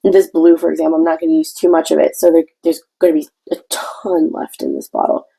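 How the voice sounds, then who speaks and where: Gravelly low-voiced woman explaining crafts. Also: big pitch swings, brisk, mellow, low-quality recording. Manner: chatty and meandering, with frequent restarts; explains while painting. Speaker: craft tutorial host. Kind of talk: casual craft tutorial.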